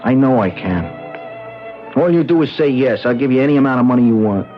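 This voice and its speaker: A man's voice: mid-range voice, lively intonation, faint music behind, close to an everyday voice. A man playing a stammering, earnest young man. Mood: pleading. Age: 20s. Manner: stammering, earnest, halting restarts. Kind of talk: 1970s radio drama acting. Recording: dull lo-fi old radio recording.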